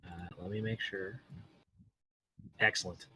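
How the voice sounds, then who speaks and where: A man with a bright, forceful voice banters and jokes as a player in a tabletop game. His voice sits a little low, and a faint hiss runs under the recording. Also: steady tone, measured pace, rough recording. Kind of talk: casual tabletop game chat.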